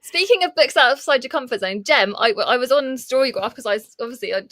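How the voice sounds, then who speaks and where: A woman's voice: high-pitched, animated, brisk, fairly bright tone, no echo, studio quality. A woman co-hosting a book livestream, chatting casually with giggles and lots of fillers. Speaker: co-host of a reading livestream. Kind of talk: casual chat.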